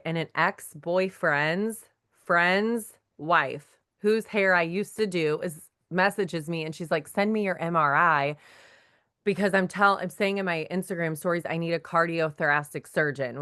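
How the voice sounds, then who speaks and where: A talkative woman tells her testimony to a faith group. Her voice sits low and sounds smooth and clear. She acts out the words of the people in her story as she goes. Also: fairly bright tone. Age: 30s. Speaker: guest sharing her testimony. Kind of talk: personal testimony in a faith meeting.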